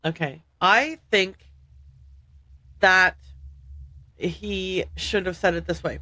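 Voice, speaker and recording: A woman's voice: lowish voice, slow pace, pauses often, bright, forceful tone, no room sound. A woman streaming a video game, chatting casually and playfully repeating dialogue lines aloud to try them out. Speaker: livestream host playing a game.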